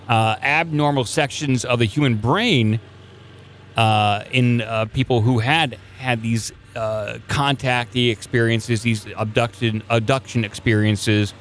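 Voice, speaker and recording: A male host talks loosely, full of jokes and meandering asides. A faint hum of noise sits behind his voice. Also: mid-range voice. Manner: loose, joking, full of fillers and restarts. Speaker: podcast host. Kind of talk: casual chat.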